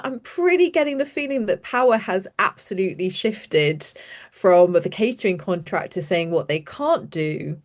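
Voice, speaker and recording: Chatty woman on a video call. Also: fairly low pitch. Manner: enthusiastic, chatty, trails off and restarts often. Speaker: youth participation practitioner, guest speaker. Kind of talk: animated storytelling in an online panel.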